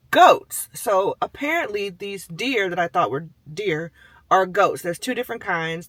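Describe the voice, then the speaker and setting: Bright, high-voiced man telling a story. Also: no echo. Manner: animated, acts out the voices of people and animals in his story; chatty, with many fillers like "like" and "you know". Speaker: vlogger telling a personal story. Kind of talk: casual storytelling.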